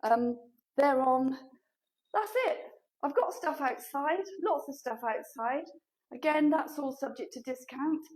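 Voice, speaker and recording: A woman's voice: high-pitched, measured pace, darkish tone, poor audio. A woman running a shop, chatting and rambling on a live stream as she walks through her shop. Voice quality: chatty, rambling, self-deprecating. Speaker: shop owner. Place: furniture shop, indoors.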